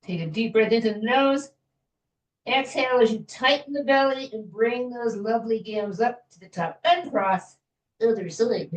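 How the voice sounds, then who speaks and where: A woman fitness instructor guiding a floor stretching class in a gentle, chatty way, with small jokes about herself. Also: on the high side, moderate pace, distant mic, muffled recording. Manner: gentle, chatty, self-joking with little laughs. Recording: echoey room, voice from afar.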